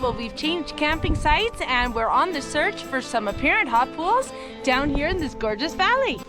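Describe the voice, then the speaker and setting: A woman's voice: sits high, sing-song, normal speed. A woman narrating a family travel vlog outdoors at a campsite, cheerful and easygoing. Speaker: travel vlogger, mother. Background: music.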